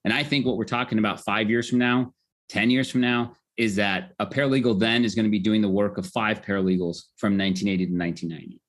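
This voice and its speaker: A man's voice: lowish voice, steady tone, fast. A middle-aged man, a guest on a podcast, explaining his legal technology in a conversational, upbeat way and often checking in with "right?". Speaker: legal tech founder, guest.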